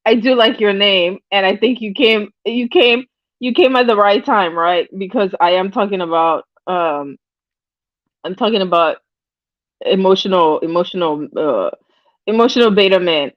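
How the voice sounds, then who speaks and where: A woman's voice: mid-range voice, normal speed, no echo. A woman hosting a casual livestream, reading the chat aloud, rambling with restarts and bursting into laughter often. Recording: dull lo-fi dry sound.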